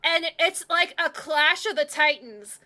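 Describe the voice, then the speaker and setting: Bright, high-voiced woman game master. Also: unhurried. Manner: excitable, laughing storyteller. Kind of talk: narrating a live tabletop game.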